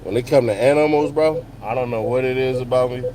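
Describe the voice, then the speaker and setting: A man's voice: mid-range voice, quick pace, warm tone, rough recording. Man, vlogger, slangy profane storytelling, driving car, faint engine hum. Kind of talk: casual chat while driving.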